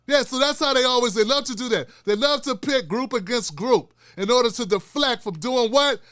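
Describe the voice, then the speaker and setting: A high-voiced man in middle age, hammering his points home with blunt, profane commentary. He repeats himself for emphasis and never softens his words. The sound is close and completely dry. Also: fairly quick, few pauses, no echo. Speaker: show host. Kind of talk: impassioned solo commentary.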